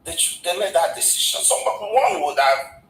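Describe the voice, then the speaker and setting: A man's voice: fairly high pitch, lively intonation, normal speed, fairly bright tone, reverberant, slight background noise, poor audio. A man, a guest in a casual discussion, who stumbles and repeats words as he retells history at length. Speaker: guest commentator.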